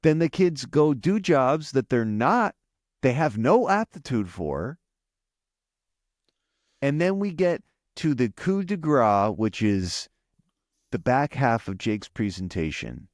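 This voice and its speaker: A man's voice: medium pitch, sing-song, takes it slowly, long pauses, dry recording, studio quality. A man co-hosting a casual podcast, recapping a TV episode in a rambling way with many restarts. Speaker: podcast co-host.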